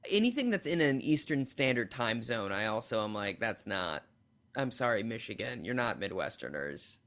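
A man's voice: medium pitch, sing-song, moderate pace, a bit bright. A man from Minnesota, a guest comedian in a casual podcast chat, delivering playful, mock-indignant rants. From Minnesota, USA.

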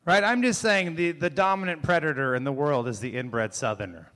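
Sarcastic male comic, rather high voice. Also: a little fast, a bit bright. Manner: sarcastic, mocking, keeps asking "right?". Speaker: stand-up comic in a debate show. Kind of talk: sarcastic stand-up rebuttal. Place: comedy club stage.

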